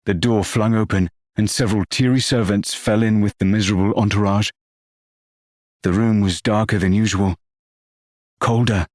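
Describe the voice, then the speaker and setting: A man narrating an audiobook novel in a measured, expressive reading. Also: on the low side, no room sound, studio quality.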